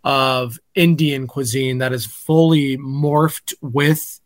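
A man co-hosting a sports podcast, chatting in a joking, animated, opinionated way. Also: mid-range voice, slow. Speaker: podcast co-host. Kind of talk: casual sports podcast chat.

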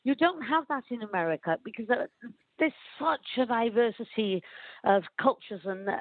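Woman from Wales, opinionated, animated, dry phone-line sound. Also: a little high, moderate pace, no echo. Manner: opinionated, animated, laughs often. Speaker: guest commentator. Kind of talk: chatty phone interview.

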